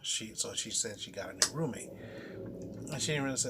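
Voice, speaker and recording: A man's voice: fairly low pitch, animated, brisk, very noisy. A man casually telling a rambling, profane story on his comic book vlog.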